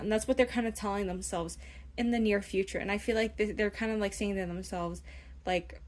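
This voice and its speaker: A woman's voice: medium pitch, brisk. A young woman giving a casual tarot reading, rambling and chatty, often checking in with "okay?" and acting out imagined inner voices. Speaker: tarot reader.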